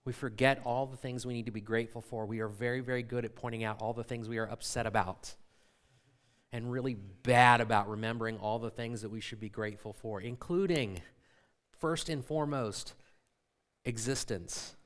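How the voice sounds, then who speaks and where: Pria pastor berkhotbah santai dengan banyak pertanyaan. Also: male voice, mid-range voice, fairly even intonation, moderate pace. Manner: conversational preaching with rhetorical questions. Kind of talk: sermon. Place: church sanctuary.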